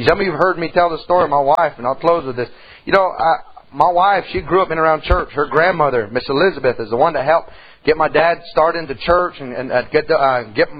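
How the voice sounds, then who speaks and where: A middle-aged man, preaching a folksy sermon that swings between loud outbursts and hushed tones. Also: on the high side, breathy edge, lo-fi sound. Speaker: pastor.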